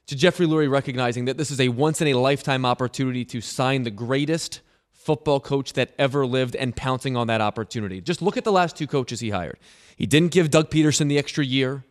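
A man co-hosting a sports radio show, making a wry, argumentative case in quick banter. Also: mid-range voice. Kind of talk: casual sports talk banter.

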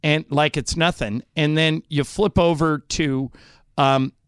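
A man's voice: a little high, takes it slowly, clean tone, no room sound. Chatty male radio host, dry studio sound. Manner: chatty storyteller, animated asides. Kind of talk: casual talk radio banter.

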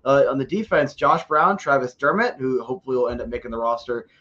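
A man's voice: mid-range voice, steady tone, fast talker, fairly bright tone, highs cut off. A man co-hosting a casual hockey podcast, chatty and self-deprecating, often stumbling over repeated words. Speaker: podcast co-host. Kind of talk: casual sports podcast chat.

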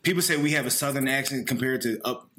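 A man's voice: mid-range voice, fast talker, sharp tone. A man, co-hosting a podcast in blunt, profane casual chat. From Philadelphia. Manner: blunt, profane, hesitant with fillers. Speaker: podcast co-host.

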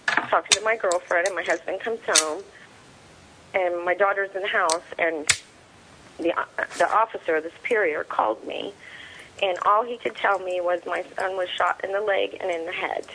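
A middle-aged woman giving an interview as a soldier's mother. She tells her story in a plainspoken, halting way, quoting what each person said. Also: lowish voice, noisy background. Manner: plainspoken, retells events through quoted dialogue; halting, with frequent fillers and restarts.

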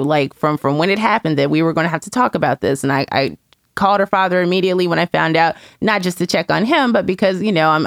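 A woman's voice: sits low, dry recording, studio quality. A woman in casual conversation, candidly and reflectively telling a personal story as a mother, with lots of "you know".

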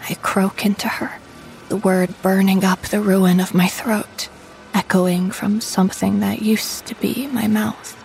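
A woman narrating a first-person horror story in a hushed voice that often drops to a whisper. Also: mid-range voice, little pitch movement, measured pace, creaky, soft background music, low-quality recording.

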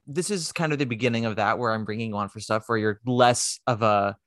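A man's voice: on the low side, a little fast, fairly bright tone, no echo, clean studio sound. Wry, teasing male podcast host. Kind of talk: casual chat.

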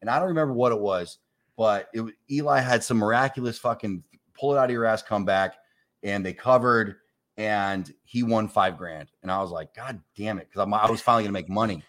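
A man in his forties with a fairly low voice tells a rambling story in easy conversation. He jumps into lively acted-out voices for the people in it and curses freely. He is a comedian from New York. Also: brisk. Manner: animated storyteller acting out quoted voices, swears freely. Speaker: comedian guest. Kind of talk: casual storytelling chat.

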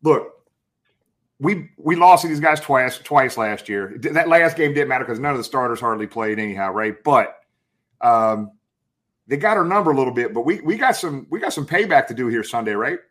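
A man's voice: medium pitch, animated, normal speed, a bit bright. A middle-aged man hosting a casual sports interview, enthusiastic and full of hype, calling his guest brother and man. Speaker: host.

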